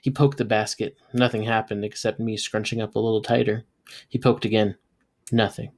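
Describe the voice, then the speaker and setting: A man, a teacher, reading a novel aloud and bringing the dialogue to life with sudden jumps in pitch and loudness. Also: normal speed. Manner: lively, voices characters with jumps in pitch and loudness. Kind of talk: read-aloud storytelling.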